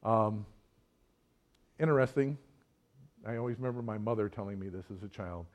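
A man preaching a sermon in a relaxed, conversational way, often asking his listeners direct questions. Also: lowish voice, moderate pace.

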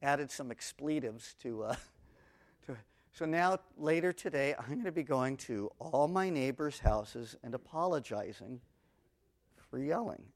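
A man teaching an expository sermon on the Psalms, swinging between booming emphasis on scripture and quiet asides, with a personal story mixed in. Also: expressive, a little slow. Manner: reads scripture aloud with rising intensity. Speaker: Bible teacher.

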